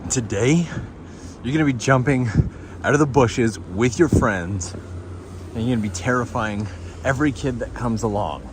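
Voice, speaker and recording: A man playing a middle-aged father who takes Halloween deadly seriously. He barks loud, stern orders with a completely straight face. His voice sits at an ordinary middle pitch. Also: moderate pace, pauses often, background noise, lightly acted. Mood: commanding. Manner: loud, dead serious, commanding.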